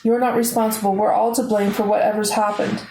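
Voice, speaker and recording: A woman voicing a bossy teenage girl who takes charge, speaking brisk and matter-of-fact. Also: mid-range voice, flat delivery, dark tone, reverberant, a little hiss or hum, close to an everyday voice, rough recording. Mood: blunt.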